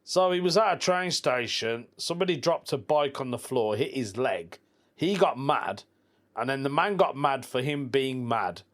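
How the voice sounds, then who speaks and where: A man's voice: on the high side, a bit bright. Chatty man hosting a podcast. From England. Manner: chatty storyteller, laughs at his own jokes; informal slang like "proper" and "mate". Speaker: podcast host. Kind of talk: casual solo podcast chat.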